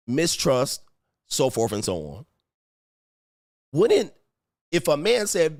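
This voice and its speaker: A man's voice: a little high, wildly swooping pitch, takes it slowly, long pauses, dry recording, clean studio sound. A man hosting a livestream, reading viewer messages and commenting in a mocking, slangy way with frequent laughs. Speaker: livestream host reading super chats. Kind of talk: casual commentary. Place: home studio.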